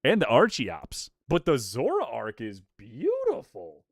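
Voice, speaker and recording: He's a guy in his twenties streaming casual chat while opening trading card packs, with a medium-pitched voice, some vocal fry, and an unhurried pace. His excitement swings between mumbled asides and loud, hyped yelling. The sound is clean studio audio without echo.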